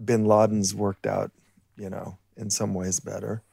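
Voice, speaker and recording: A man co-hosting a casual history chat, relaxed and anecdotal, who breaks into shouted impressions when telling a story. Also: lowish voice, unhurried, gravelly, breathy edge, no echo, studio quality. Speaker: podcast co-host.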